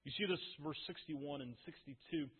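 A man preaching a sermon, talking conversationally and firing off rhetorical questions with dramatic pauses. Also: on the high side, slightly rough. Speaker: pastor. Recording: phone-like audio with long hall reverb.

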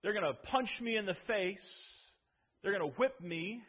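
A preacher voicing a calm male teacher, speaking low, quiet and solemn in a husky voice. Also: normal speed, long reverb tail. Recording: tinny phone-like sound.

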